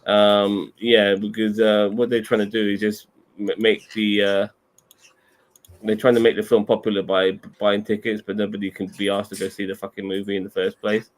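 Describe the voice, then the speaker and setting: A man's voice: on the low side, level tone, normal speed. A man chatting casually on a show, rambling and hesitant with many fillers. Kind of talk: casual chat.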